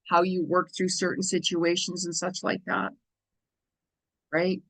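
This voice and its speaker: A woman's voice: mid-range voice, a bit bright, poor audio. A middle-aged woman hosting an astrology and tarot show, talking casually with lots of repetition and "you know" and "right?" fillers, a little tired from lost sleep. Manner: chatty, repeats phrases, frequent "you know" and "right?". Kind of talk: casual spiritual monologue.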